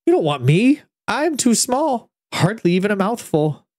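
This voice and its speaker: A man's voice: high voice, sing-song, normal speed, a little mellow, no echo, studio quality, voice pushed up. A man voicing a small, timid but brave owl knight in a children's story, earnest and nervous.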